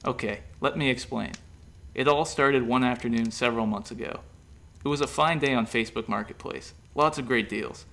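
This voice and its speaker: A careless young schemer with an offhand, shrugging delivery, as a male storyteller puts him on. The voice is gravelly and stays casual. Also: mid-range voice, normal speed, sharp tone. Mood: nonchalant.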